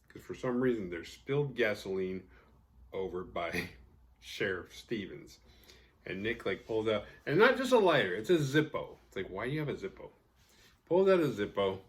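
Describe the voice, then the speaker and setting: A man's voice: lowish voice, fairly bright tone. A man casually recapping a horror film, sarcastic and profane, acting out the characters' lines. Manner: profane, sarcastic, acts out quoted characters with laughs.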